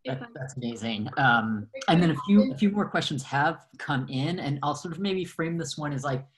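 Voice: mid-range voice, animated, moderate pace, a little hiss or hum. Hesitant panel moderator, full of fillers. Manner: hesitant, filler-heavy framing of questions. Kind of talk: casual moderated discussion.

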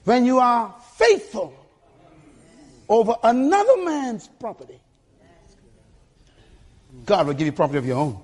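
An older man preaching a sermon to a church congregation with a husky voice, emphatic and calling for responses. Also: very high voice, wildly swooping pitch, a little slow, long pauses, a little mellow. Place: church sanctuary.

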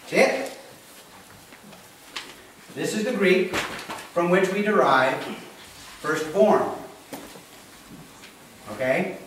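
A man's voice: sits high, lively intonation, slow pace, pauses often, fairly bright tone, slight background noise. A man preaching a sermon as pastor, plainspoken and often checking in with his congregation. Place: church. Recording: echoey church hall recorded from a distance.

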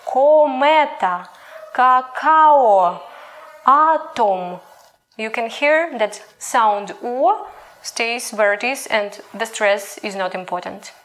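A woman's voice: on the high side, takes it slowly. A young woman with a Ukrainian accent, a native Ukrainian speaker teaching a language lesson in English and patiently modelling each sound aloud.

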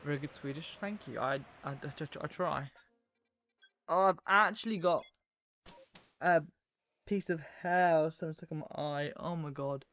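A man's voice: a little high, normal speed, long pauses, fairly bright tone, highs cut off. A man live-streaming a game, chatting in a rambling, casual way to his viewers as he plays. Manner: rambling, chatty, talks to viewers while playing.

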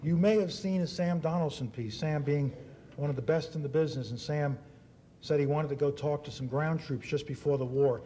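A man's voice: a little high, brisk, warm tone, slight background noise. A man in his fifties giving an after-dinner speech, telling anecdotes with acted-out quotes. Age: 50s. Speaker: dinner speaker. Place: banquet hall.

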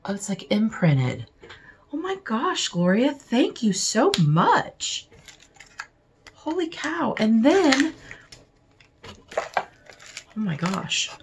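A woman unboxing beauty products at home, chatting casually and gushing with excitement, now and then dropping to a soft whisper. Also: on the high side, slow, background noise. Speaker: beauty vlogger unboxing mail.

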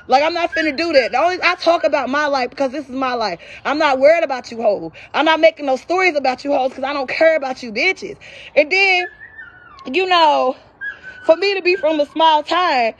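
The recording is muffled, carrying the high voice of a Southern woman from North Carolina. In an unscripted live-stream, this vlogger curses and defies as she rants to her followers, breathless at moments.

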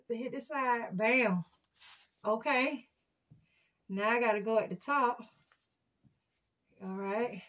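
A woman's voice: on the high side, fairly bright tone. Chatty breathless woman vlogger. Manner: chatty, exclaiming, talks while working. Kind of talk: casual vlog to viewers.

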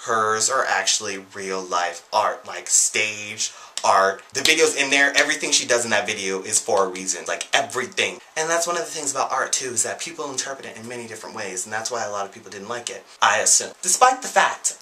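Young male vlogger, wisecracking and expressive, filmed on a home camera with faint background hiss. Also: fairly low pitch, brisk. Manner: animated, sarcastic, jokey. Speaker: vlogger answering viewer questions. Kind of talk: casual chat. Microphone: flip camera.

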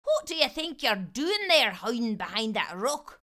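A woman's voice: a little high, sing-song, moderate pace, bright, forceful tone. A woman voicing a small, grumpy male leprechaun who scoffs and makes demands. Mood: demanding.

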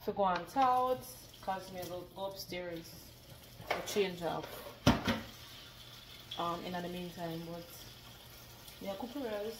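Chatty mom vlogging. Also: female voice, on the low side, slow pace, pauses often, heavy background noise. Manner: chatty, laughs often, patois phrasing. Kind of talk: casual vlog chat.

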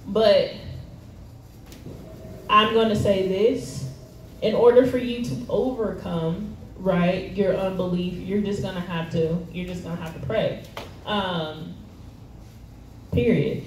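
Her medium-pitched voice is a little mellow and fairly even, moving slowly with long pauses as she gives a casual sermon at a church service. She talks in slangy everyday speech with many fillers and laughs easily. The church hall is echoey, with faint noise and the mic far off.

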